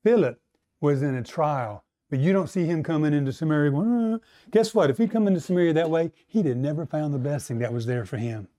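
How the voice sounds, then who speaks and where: Preaching man with a high voice. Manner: rising to a higher, louder pitch to stress points, slowing on key lines; acts out quoted voices and asks the crowd for replies. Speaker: pastor. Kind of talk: sermon.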